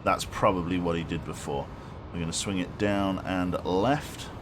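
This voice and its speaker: Deep voiced guy streaming a sub game, rambly and wry, lots of hum behind him. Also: normal speed. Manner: rambling, wry, self-mocking. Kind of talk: casual live-stream commentary. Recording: noisy background hum.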